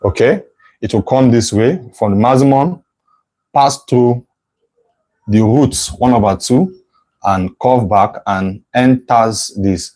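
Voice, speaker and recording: A man's voice: mid-range voice, takes it slowly, a little mellow, low-quality recording. A male math tutor teaching a live online lesson, thinking aloud as he sketches a curve, correcting himself and checking in with "right?".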